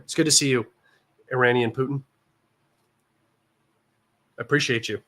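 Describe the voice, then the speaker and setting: A man's voice: mid-range voice, fairly even intonation, normal speed, long pauses, a bit bright. A young American man hosting a casual livestream from his room, rambling and chatty with lots of fillers, slightly nasal from allergies. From United States. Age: young adult. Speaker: livestream host.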